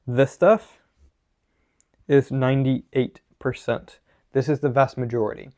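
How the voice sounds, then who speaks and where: Man, mellow voice, blunt and emphatic, coaching runners, asks and answers his own questions. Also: mid-range voice, steady tone, unhurried. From Southern United States. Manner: blunt and emphatic, with strong opinions. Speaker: running mobility coach. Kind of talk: instructional talk to camera.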